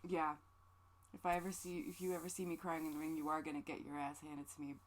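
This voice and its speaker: Woman streamer, lower voice, loose profane chatter, emotional and fighting tears. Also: monotone, quick pace. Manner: rambling, joking, profane. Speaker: livestreamer. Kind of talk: casual stream chat.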